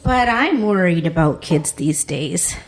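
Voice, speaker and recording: Middle-aged female stand-up; slow, lively delivery, laughs through her punchlines. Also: lowish voice, slight background noise. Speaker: stand-up comedian. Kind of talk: stand-up comedy set.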